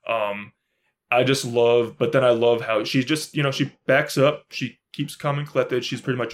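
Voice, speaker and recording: A man co-hosting a podcast in casual chat, gushing and excitable, with lots of fillers and repeats. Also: medium pitch, brisk. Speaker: podcast co-host.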